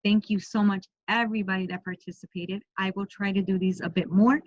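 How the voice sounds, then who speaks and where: A woman working as a medium, giving an online group reading in a soft, slow, repetitive way and often speaking in first person for the spirit. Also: medium pitch, steady tone, dry recording, dull audio.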